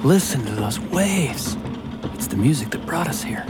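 An actor playing an earnest, laid-back guitarist who gets emotional, in an audio drama. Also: male voice, mid-range voice, expressive, normal speed, over loud music, lightly acted. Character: sentimental laid-back male guitarist, calls everyone bro. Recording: noisy ambience behind.

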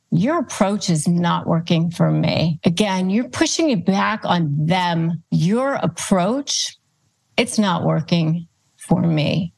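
A woman giving calm, step-by-step advice as a guest expert, speaking in a steady, instructive way. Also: lowish voice, creaky. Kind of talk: advice talk, listing tips.

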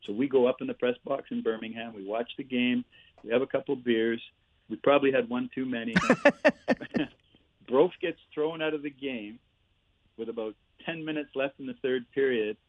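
A man in his sixties, a former player and coach, telling animated stories with laughs and "eh" tags as a podcast guest. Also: medium pitch, moderate pace, no room sound. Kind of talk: storytelling interview. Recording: tinny phone-like line.

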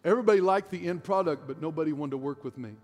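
A man's voice: fairly high pitch, racing, darkish tone. A middle-aged man preaching a sermon as pastor, telling stories in a self-deprecating way and laughing often. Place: large church hall. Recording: long hall reverb.

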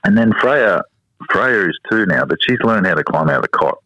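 A very low-pitched Australian man in his fifties, telling stories as a guest in lively, swinging tones. The recording is dry and slightly dull. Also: fairly quick, no echo. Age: 50s. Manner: storytelling, mimics his children in a high voice. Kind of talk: casual interview chat. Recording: slightly dull podcast audio.

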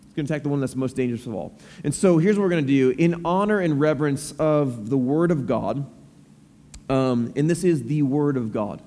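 A man's voice: medium pitch, brisk, dark tone. A man in his thirties preaching a sermon to his congregation, conversational with many fillers and repeated words, then reading scripture aloud. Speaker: pastor. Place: church sanctuary. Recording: long reverb of a large hall.

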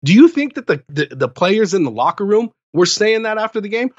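A man's voice: sits high, fairly quick, few pauses, dry recording, lo-fi sound. Fired-up man ranting on a podcast. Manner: animated ranting storyteller. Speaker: podcast co-host. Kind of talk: casual sports chat.

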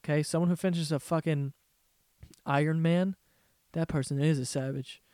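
A man's voice: on the high side, steady tone, moderate pace, warm tone, clean tone, no echo, clean studio sound. A young man rambling through profane, laugh-filled stories as the host of a casual comedy podcast.

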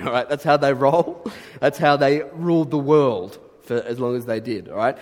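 A man's voice: mid-range voice, normal speed, darkish tone, big-room sound. A man preaching a sermon as a pastor, conversational and earnest, building to emphatic bursts.

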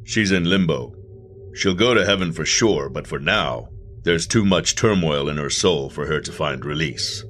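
A man playing a calm, persuasive male agent of the underworld in a black suit, quietly gloating in a horror audio drama. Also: extremely low pitch, normal speed, a little hiss or hum.

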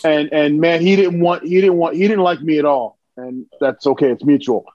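An animated man with a high voice telling stories, his words tumbling out with excitement. The recording sounds dull and lo-fi. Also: moderate pace, dry recording. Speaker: podcast guest. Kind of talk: casual storytelling.

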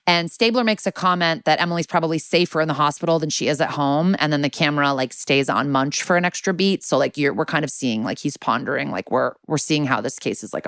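A young woman with a lowish voice talks through an episode in loose, casual chat. She swears freely and fills her sentences with "like." The sound is close and dry, with no room around it. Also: smooth, no room sound. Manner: casual, sweary, many "like" fillers. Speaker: podcast co-host.

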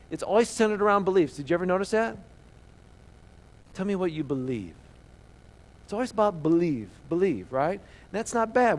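A man preaching a sermon as pastor, earnest, asking the listeners questions and dropping to a hushed voice for emphasis. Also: on the high side, poor audio.

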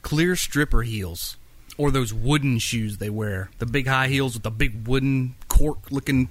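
A man's voice: mid-range voice, measured pace. Blunt opinionated man. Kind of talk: casual chat.

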